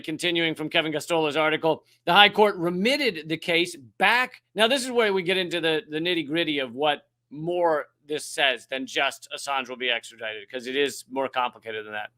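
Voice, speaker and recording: A man's voice: sits high, bright, forceful tone. Profane ranting male comedy host. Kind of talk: comedic news commentary.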